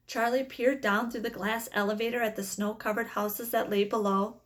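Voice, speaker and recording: A woman's voice: on the high side, steady tone, normal speed. A woman reading a children's book aloud in plain storytelling, with small slips now and then. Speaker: reader.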